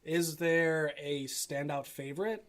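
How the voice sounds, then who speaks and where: A man's voice: fairly high pitch, slow. A man hosting a casual beer podcast, asking curious questions. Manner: curious, asks questions to guests. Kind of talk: casual chat over beers.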